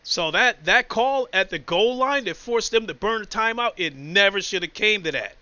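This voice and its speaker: A man's voice: sits high, lively intonation, normal speed, bright, forceful tone, no room sound, highs cut off. A man ranting about his team in a casual, blunt and profane way, mixing game analysis with emotional stories. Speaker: sports commentator. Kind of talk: casual sports rant.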